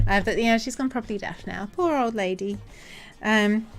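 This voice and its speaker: A woman live-streaming from home, chatting casually to viewers, giggly and excitable. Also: mid-range voice, normal speed, faint music behind.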